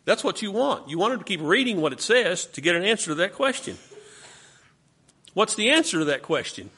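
A man's voice: high-pitched, very animated, brisk, bright, forceful tone, husky. A man leading a Bible study class, questioning his students and coaching them through the text.

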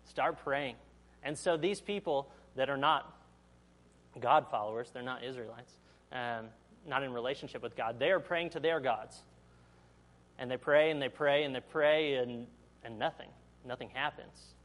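A man with a mid-range, fairly bright voice preaches at a moderate pace. After reading scripture aloud, he explains it in a relaxed, talky way, questioning his audience and giving the quotes their own voices.

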